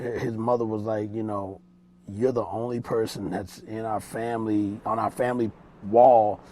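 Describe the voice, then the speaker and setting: A man's voice: fairly low pitch, dark tone, a little hiss or hum. A man, a music producer and mix engineer, telling stories in a casual interview in a small studio room, loose and rambling, with street slang and restarts.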